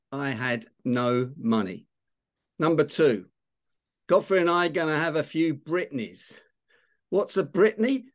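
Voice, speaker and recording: An older man with a London Cockney accent hosts a casual online session. He talks in a chatty, playful way and quizzes his listeners on slang. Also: on the high side. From London, England. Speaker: host of an online talk session. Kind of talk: casual hosted chat on slang.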